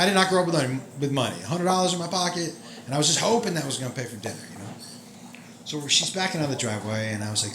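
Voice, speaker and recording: A middle-aged man telling a story on a comedy club stage in an animated, profane, conversational way. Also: a little high, noisy background. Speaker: stand-up comedian. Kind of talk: stand-up storytelling. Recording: echoey live room with loud crowd. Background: loud audience laughter.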